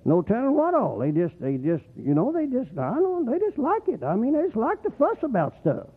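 A man preaching a rambling, folksy sermon, often swooping up into excited whoops. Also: very high-pitched, a little fast, slightly rough. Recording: tinny phone-like radio broadcast.

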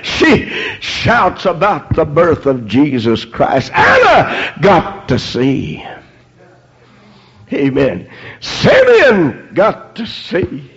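A man's voice: high-pitched, wildly swooping pitch, very slow, a bit bright, breathy edge. A man preaching a fervent sermon, dotting his lines with amens and praise God, in a dull lo-fi recording.

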